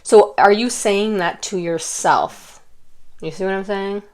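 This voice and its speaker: A young woman giving an intuitive pick-a-card reading, gentle and rambling with many fillers and restarts. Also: medium pitch, measured pace. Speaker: tarot card reader.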